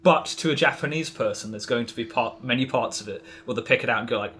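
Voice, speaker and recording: A man's voice: medium pitch, fast talker, a bit bright. Rambling man talking casually, faint hum. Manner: rambling, many fillers and restarts. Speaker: podcast guest. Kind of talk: casual interview chat.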